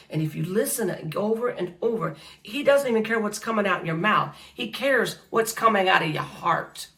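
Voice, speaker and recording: A woman's voice: medium pitch, fairly bright tone, far from the mic. A woman from the United States giving an impassioned faith talk at an awards event, preacherly and repetitive, calling listeners honey and baby.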